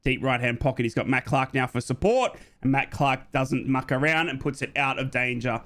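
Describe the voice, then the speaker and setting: A young Australian man giving live play-by-play football commentary while chatting with viewers, jumping high and quick when excited. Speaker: fan watchalong commentator.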